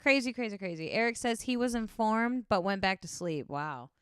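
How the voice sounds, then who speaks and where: A woman's voice: mid-range voice, expressive, moderate pace, very noisy. A young woman casually chatting and reacting to a video, rambling and swearing, reading viewer comments aloud. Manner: chatty, profane, rambling, reads chat aloud. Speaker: streamer. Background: music.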